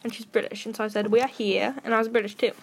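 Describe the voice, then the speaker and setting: Young girl, podcast co-host, slightly high voice, excitable, audible hiss, home desk mic. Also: very fast. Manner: excitable, storytelling. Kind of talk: casual chat. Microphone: shared desk microphone.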